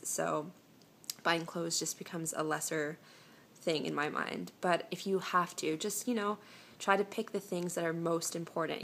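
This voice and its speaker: Young woman vlogger, lowish creaky voice, casual advice chat recorded on a phone camera. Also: fairly bright tone, slight background noise. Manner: chatty and reassuring, with many "um"s and restarts. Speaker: vlogger answering viewer questions.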